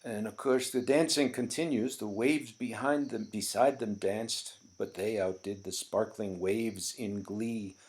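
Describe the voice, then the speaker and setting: A man's voice: on the low side, fairly even intonation, measured pace, few pauses, darkish tone. A man teaching a lesson on poetry, explaining step by step with frequent ums and small restarts. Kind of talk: classroom poetry lecture.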